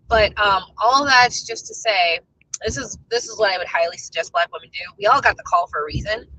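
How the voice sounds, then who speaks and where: A woman's voice: medium pitch, bright, forceful tone, slight background noise, poor audio. A woman in her thirties talking casually to her viewers, telling stories in a chatty way and laughing easily. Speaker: spiritual life coach vlogger.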